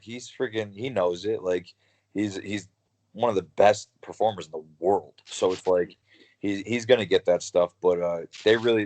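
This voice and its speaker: A young man with a deep voice talks as a guest about his wrestling career. He rambles bluntly, full of fillers and restarts. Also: darkish tone. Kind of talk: casual interview.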